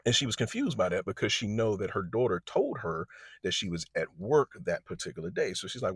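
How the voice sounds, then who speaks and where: Deep, husky-voiced man telling a story. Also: fairly quick, dry recording, studio quality. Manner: animated storyteller, quotes others in lively voices. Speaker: vlogger telling a personal story. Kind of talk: casual storytime monologue.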